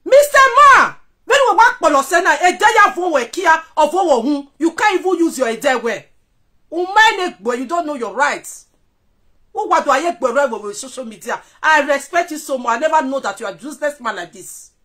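Nigerian woman, confrontational camera rant; high, bright, lively pitch swings. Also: moderate pace. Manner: confrontational, scolding, switching between Pidgin and local languages.

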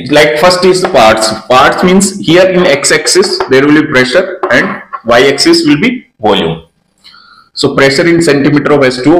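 A man's voice: fairly high pitch, roomy sound, low-quality recording. A man, a neonatologist explaining ventilator graphics step by step and repeating key terms. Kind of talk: slide lecture.

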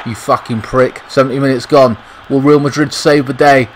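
A man's voice: medium pitch, fairly even intonation, moderate pace, few pauses, a little hiss or hum, rough recording. A young British man giving frustrated, swear-heavy commentary over a football video game. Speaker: gaming YouTuber. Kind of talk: gameplay commentary.

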